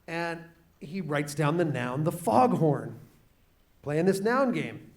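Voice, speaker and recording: A man, an author, telling a story to students in an animated way, slowing down and quieting for drama. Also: a little high. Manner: animated, shifts pace and volume for drama. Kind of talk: storytelling talk to a class.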